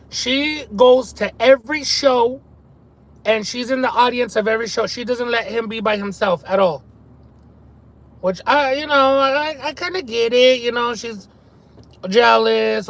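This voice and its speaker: Brief: very high-pitched man, profane excitable live streamer eating in his car. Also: creaky, low-quality recording. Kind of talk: casual live-stream chat while eating.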